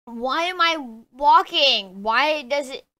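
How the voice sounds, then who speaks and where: Girl gamer narrating her match, bright sharp voice, slow drawl, gets yelly. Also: sits high. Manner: excitable, yells insults at opponents. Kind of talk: live gameplay commentary.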